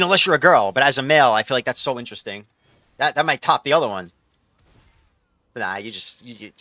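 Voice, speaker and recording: A man's voice: mid-range voice, pushed and bright, no room sound. A man streaming a game, chatting casually with viewers in a rambling, loose way and reading chat aloud.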